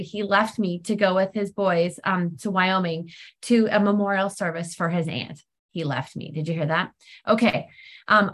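A woman's voice: mid-range voice, fairly bright tone. Middle-aged woman, mid-range voice, candid sharing, frank, self-deprecating, livelier when quoting herself. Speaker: speaker sharing on recovery program. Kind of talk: candid personal sharing talk.

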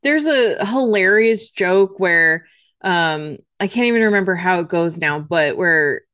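Low-voiced woman, dry close sound. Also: animated, unhurried, a bit bright, smooth, dry recording. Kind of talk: casual film discussion.

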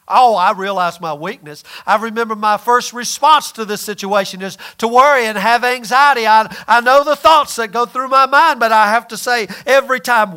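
Male pastor, sermon delivery, high and bright, big dynamic swings. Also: moderate pace, few pauses, clean tone. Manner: preaching with swings from loud emphasis to near-whispered lines.

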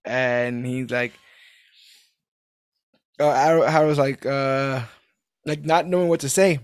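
A man hosting a casual chat, talking in a rambling, animated way and swearing casually. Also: mid-range voice, slow pace, smooth, dry recording, clean studio sound.

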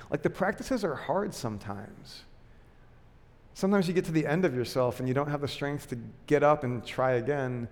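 A male pastor with a medium-pitched voice preaches a sermon packed with personal stories, speaking conversationally and self-deprecatingly with many fillers and restarts. The recording has a long reverb tail.

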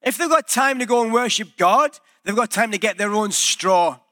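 In a church, a male pastor preaches a sermon, telling the story with energy and acting out the quoted voices. His voice is high and moves at a moderate pace.

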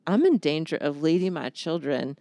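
Low, gravelly-voiced woman. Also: normal speed, no echo, studio quality. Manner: animated storyteller, acts out quotes. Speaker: podcast co-host. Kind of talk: casual faith discussion.

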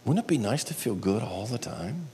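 A middle-aged male pastor preaching a sermon, swinging between loud exclaiming and whispered asides. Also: medium pitch, very animated, normal speed, slight background noise. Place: church sanctuary. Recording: long hall reverb.

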